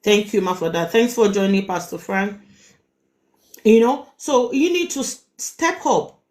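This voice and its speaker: A middle-aged Nigerian-accented woman talks straight to her live audience as their advice host. She presses her points hard, repeats words and throws out rhetorical questions. Her voice sits at an ordinary pitch for a woman. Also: measured pace, darkish tone. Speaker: host giving relationship advice. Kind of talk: live-stream advice talk.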